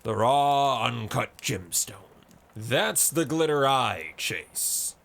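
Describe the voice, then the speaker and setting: A man's voice: mid-range voice, lively intonation, slow, creaky, fairly bright tone, exaggerated voice. A man voicing a boisterous male sea colonel who talks with roaring passion. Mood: impassioned. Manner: roaring, impassioned.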